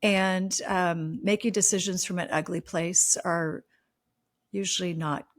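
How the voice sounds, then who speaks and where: A woman's voice: on the low side, fairly even intonation, unhurried. A woman hosting a podcast, talking in an effusive, faith-filled way. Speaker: podcast host. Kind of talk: casual podcast chat and ad read.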